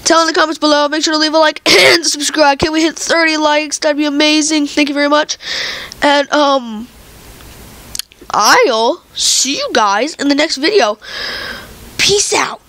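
A woman hosting a casual vlog, talking to viewers in an excitable, rambling way with lots of fillers, while she has a cold. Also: sits high, normal speed. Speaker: channel host. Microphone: computer recording software.

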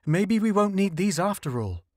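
A man's voice: high-pitched, very animated, moderate pace, no room sound, clean studio sound, pitched above the performer's own voice. A man doing Scylla, a jumpy young spaceman. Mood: hopeful. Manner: raised, urgent exclamations.

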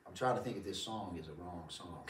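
A man's voice: deep voice, brisk, slight background noise. A man preaching a sermon as pastor, in a folksy way that keeps repeating itself, chuckling and calling his listeners folks. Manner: folksy, repeats himself, chuckles often, calls the crowd folks. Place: church sanctuary. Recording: roomy church sound from a distant mic.

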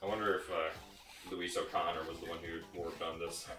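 A man making relaxed, amused side remarks while his friend plays a game. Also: low-pitched, a little fast, over music. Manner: relaxed, amused, chuckling asides. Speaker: let's play co-host. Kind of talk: casual gameplay banter.

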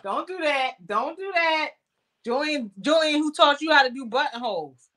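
A woman chats casually on her livestream, teasing guests and breaking into laughter. Her voice sits high and swoops around a lot. She talks slowly, with a bright, sharp tone. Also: expressive. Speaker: livestream host.

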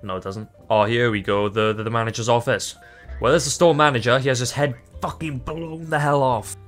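Male gaming YouTuber, mid-pitch, excitable and foul-mouthed, rambling commentary. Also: brisk, soft background music. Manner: excitable, swears freely, laughs often; rambling, self-interrupting. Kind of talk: gameplay commentary.

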